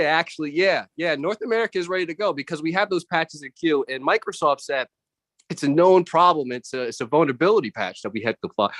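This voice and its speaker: A man doing animated stand-up comedy over a video call from home, jumping into voices of family and coworkers. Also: on the high side, fast, no echo. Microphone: computer mic on a video call.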